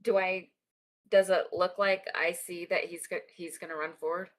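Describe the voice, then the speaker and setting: A woman's voice: fairly low pitch, level tone, moderate pace. A woman playing in a tabletop game, talking tentatively and checking her options. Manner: tentative, asks questions. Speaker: player. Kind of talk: casual tabletop game talk.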